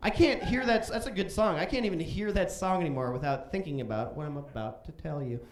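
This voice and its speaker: A man in his thirties from Chicago doing stand-up comedy on a club stage, telling profane stories and jumping into loud voices for quotes. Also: fairly high pitch, fast talker. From Chicago, USA. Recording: roomy club stage echo.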